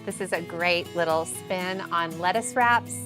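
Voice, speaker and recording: This woman speaks at a measured pace in a lowish voice. She's a cooking show host doing a casual home-kitchen demo, chatty and playful with the crew, while music plays and a pan sizzles.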